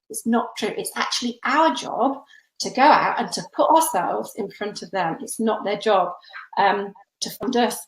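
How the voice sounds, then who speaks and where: A woman presenting a workshop webinar, her voice sitting a touch high and friendly. She talks in a chatty, encouraging way, full of little fillers. The sound is roomy, with a noticeable echo around her webcam mic. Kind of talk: webinar teaching talk.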